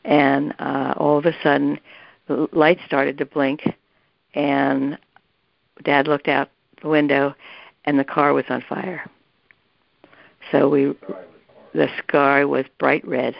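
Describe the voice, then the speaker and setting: Recalling her family history for an interviewer, this older woman speaks slowly in a deep, creaky, flat voice, pausing often. She rambles casually through the story, restarting sentences and wandering into asides, on a dry, dull lo-fi recording.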